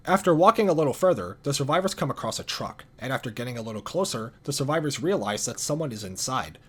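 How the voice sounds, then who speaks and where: A man narrating video game lore in a calm, dry scripted style with casual swearing. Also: mid-range voice, quick pace, hardly any pauses, breathy edge.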